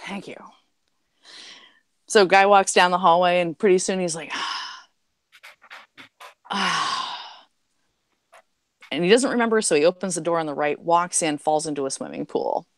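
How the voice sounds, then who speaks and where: Joke-telling woman with a low voice. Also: normal speed, no echo. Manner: animated joke-telling with acted voices and many fillers. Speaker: podcast guest. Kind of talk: casual chat, telling jokes.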